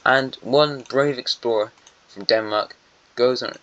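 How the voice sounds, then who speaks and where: A man's voice: mid-range voice, measured pace, fairly bright tone. A man narrating an alternate-history map in a casual, meandering way, musing aloud and correcting himself as he goes. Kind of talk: casual rambling commentary. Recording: dull lo-fi mic.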